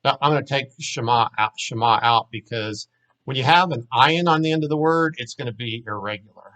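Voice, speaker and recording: A man's voice: medium pitch, brisk, a bit bright, low-quality recording. A man teaching a language lesson, patiently walking learners through verb forms and repeating each word for them. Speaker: Hebrew teacher.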